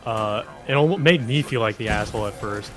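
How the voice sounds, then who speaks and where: A man's voice: lowish voice, brisk, fairly bright tone. A man chatting casually over gameplay, telling rambling stories, swearing and laughing often. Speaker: streamer co-host telling work stories.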